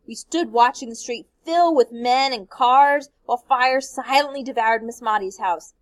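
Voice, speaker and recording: A woman, a teacher, reading a novel aloud in a steady, expressive way. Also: a little high, moderate pace, no echo, rough recording.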